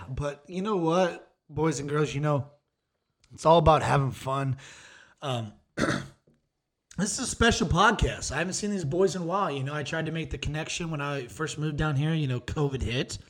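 A man's voice: fairly high pitch, moderate pace, a bit bright. A young man hosting a casual podcast, telling crude stories with lots of swearing and laughter. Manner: profane, rambling storyteller, laughs often. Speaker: podcast host. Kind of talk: casual chat.

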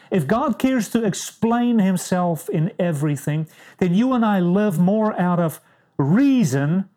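A woman's voice: mid-range voice, warm tone. A woman preaching a sermon in an emphatic way, stressing short clipped words. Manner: emphatic, clipped one-word commands.

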